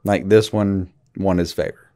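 A man's voice: deep voice, fairly even intonation, measured pace, mellow. A man co-hosting a podcast, chiming in with short, agreeable remarks in casual chat. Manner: brief, agreeable interjections. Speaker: podcast co-host.

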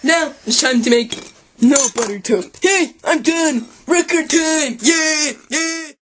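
A woman hosting a spoof cooking show with a goofy, deadpan manner and sudden loud outbursts. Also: high-pitched, takes it slowly. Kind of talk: deadpan comic cooking demonstration. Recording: noisy home video recording.

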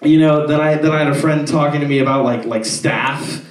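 A young stand-up comedian rambles through his set with a loose, filler-heavy delivery and plenty of swearing. His voice sits a little high. The sound is roomy and comes from a distance, as if caught away from the mic in a club. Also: steady tone, brisk.

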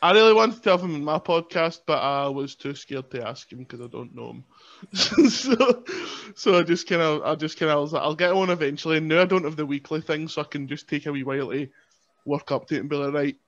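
A man's voice: a little high, animated, a little fast, fairly bright tone, dull audio. A Scottish man, a wrestler and podcast guest, chatting casually in a joking, self-mocking, rambling way.

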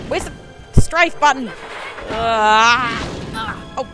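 A young woman commentating her own video game playthrough, excitable and self-mocking, yelping when things go wrong. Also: a little high, a little slow. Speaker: let's play gamer. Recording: game music playing behind.

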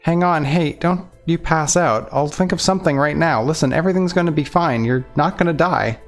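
A grief-stricken young man pleads in a high, breaking voice, as a male reader puts him on. He sounds frantic and raw. This is a game read aloud, with faint music behind. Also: fairly quick, natural voice. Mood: anguished pleading. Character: anguished young man begging a dying girl.

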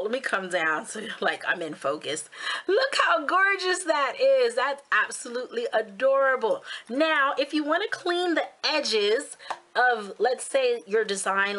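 Bubbly, bright-voiced woman vlogger. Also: medium pitch. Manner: bubbly, gushing, talks straight to viewers. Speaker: beauty and craft vlogger, channel host. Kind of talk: casual DIY tutorial talk.

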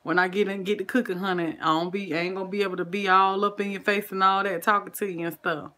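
Talking fast and keeping a steady tone, this cooking livestream host chats casually with her viewers, greeting them by name. She's a woman from the Southern United States with a Southern American accent and a bright, mid-range voice, and her folksy talk is dotted with "honey" and "child."

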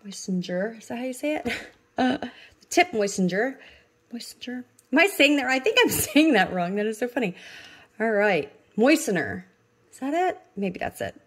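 A woman hosting a casual budgeting vlog, gushing and excitable as she opens mail, with many ums. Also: on the high side, fairly quick. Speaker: budgeting channel host.

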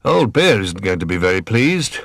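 A man's voice: lowish voice, sing-song, moderate pace, creaky, fairly bright tone, no room sound, studio quality, full character voice. A man voicing Rabbit, a worried male toy rabbit who frets, in a storybook reading. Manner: fretful.

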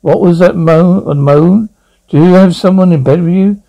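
A man's voice: high voice, creaky, mellow, low-quality recording. A man voicing a chatty, wisecracking young male lawyer friend in an amateur audio drama. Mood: teasing. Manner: wisecracking, rapid teasing.

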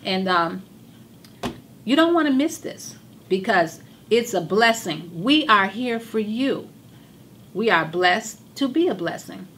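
A woman hosting a religious TV talk show, hoarse from losing her voice, speaking with fervent, repetitive emphasis. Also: medium pitch, lively intonation, slow, fairly bright tone, slight background noise. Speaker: TV show host.

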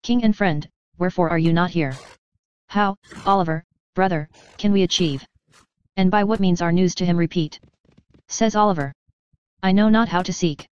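Woman reciting an epic poem, smooth and low. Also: no echo, muffled recording. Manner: measured, steady verse recitation. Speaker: reader. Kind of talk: reading an epic poem aloud.

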